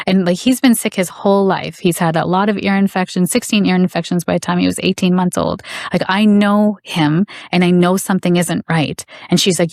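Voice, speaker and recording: A woman's voice: fairly low pitch, fairly even intonation, brisk, few pauses, darkish tone, no room sound, studio quality. A middle-aged woman, a podcast guest, telling an emotional personal story with intensity and indignation, acting out the voices of others. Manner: intense, indignant, acts out quoted dialogue.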